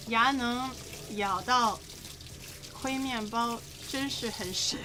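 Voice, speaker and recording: A woman's voice: fairly high pitch, lively intonation, takes it slowly, noisy background. A woman streamer chatting casually while cooking on a livestream, thanking viewers and switching between two languages.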